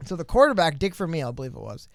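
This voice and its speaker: A man co-hosting a casual political podcast, talking in a rambling, animated way with many asides and restarts. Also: fairly high pitch, racing, gravelly, no echo, clean studio sound. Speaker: podcast co-host.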